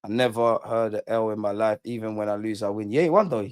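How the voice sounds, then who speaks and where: A man's voice: fairly low pitch, fast talker, smooth, no echo, clean studio sound. A young man hosting a live football reaction stream, bantering, mocking rival fans and reading chat aloud. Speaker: football fan channel host.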